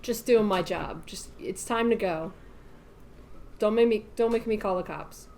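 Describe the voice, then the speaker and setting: A woman's voice: mid-range voice, measured pace, crowd noise. A woman playing a tabletop game, casual and laughing easily, swearing now and then. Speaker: player.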